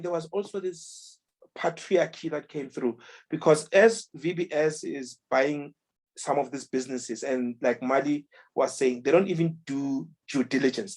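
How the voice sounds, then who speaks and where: A man in a book club discussion, talking casually and retelling events with lively quoted voices and many restarts. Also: mid-range voice.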